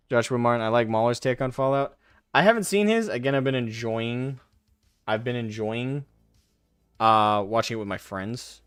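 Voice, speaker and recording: A man's voice: fairly low pitch, clear, resonant tone, no room sound, studio quality. A young man chatting casually on a live stream, reading and answering chat with frequent laughs and casual swearing. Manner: laughs often, self-deprecating, swears casually.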